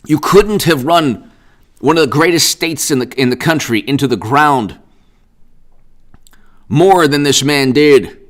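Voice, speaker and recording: A man hosting a political commentary live stream, speaking sarcastically and in an animated way and often repeating himself. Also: fairly high pitch, a little slow, long pauses.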